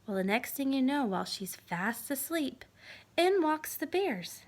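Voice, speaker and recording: A woman telling a children's fairy tale aloud with an animated delivery, sometimes dropping to a whisper. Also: high voice, measured pace. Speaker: storyteller. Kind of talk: reading a children's story aloud.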